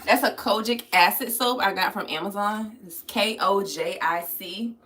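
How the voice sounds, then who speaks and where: A woman hosts a casual livestream from home, chatting through her skincare routine and reading viewer comments aloud. She laughs often and bursts into high squeals, speaking at a moderate pace with a sharp tone.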